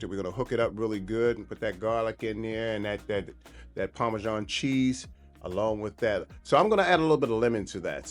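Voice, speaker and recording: Chatty low-voiced man hosting a cooking show. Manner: relaxed, chatty, repeats and restarts phrases. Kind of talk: casual cooking demonstration.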